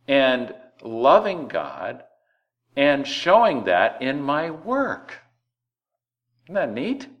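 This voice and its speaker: A man preaching a sermon, lively and conversational, drawing words out for emphasis and acting out everyday voices. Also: medium pitch. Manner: animated preaching, slows words for emphasis and acts out quoted voices. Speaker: pastor.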